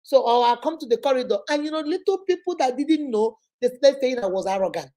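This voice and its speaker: A woman with a Nigerian accent telling personal stories in a lively way, acting out what her family said and dropping in Igbo words. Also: sits high, fairly quick. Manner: animated, acts out quoted family members; drops Igbo words into speech. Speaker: motivational vlogger. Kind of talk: personal storytelling monologue.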